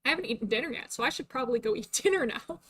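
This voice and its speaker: Speaking at a racing pace, a young adult VTuber streamer chats casually in a high, expressive, fairly bright voice. Fillers and laughter come often, and her voice is beginning to sound tired.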